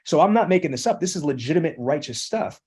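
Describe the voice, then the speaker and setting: A man's voice: fairly high pitch, expressive, fast, darkish tone, slightly rough. A middle-aged man hosting a sales training podcast. He coaches with emphasis and keeps repeating "again" and "okay". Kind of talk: energetic sales training with role-play.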